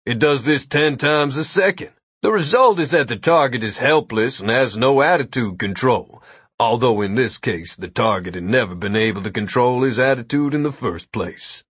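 A man's voice: mid-range voice, lively intonation, normal speed, a bit bright, slightly rough, no room sound. A man voicing a smug, mischievous male wizard who lectures and teases. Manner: lecturing, teasing.

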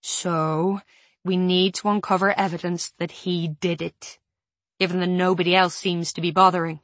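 A woman's voice: on the low side, flat delivery, moderate pace, fairly bright tone, dry recording, natural voice. A woman voicing an insistent adult female friend who presses hard for answers, sounding exasperated.

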